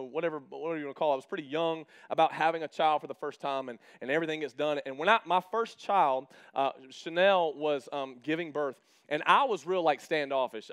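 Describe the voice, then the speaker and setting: A male pastor in his thirties with a high-pitched voice tells stories in a loose, conversational sermon. He jokes with the congregation and plays out both sides of his quoted exchanges. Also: fairly bright tone. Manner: chatty and humorous, acting out quoted exchanges. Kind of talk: casual storytelling sermon.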